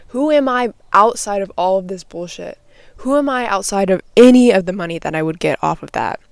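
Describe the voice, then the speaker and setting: A young woman is recording a morning vlog in her nook at home, talking straight into the camera. She rambles, gets heated and swears a lot. Her voice sits at a middling pitch, and the sound is dry and close with no room echo. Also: darkish tone. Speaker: vlogger and artist. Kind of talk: unscripted morning vlog rant.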